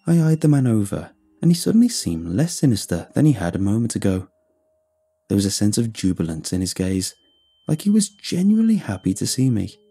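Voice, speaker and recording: A man narrating a scripted first-person story in an expressive storytelling way. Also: fairly low pitch, fairly quick, husky.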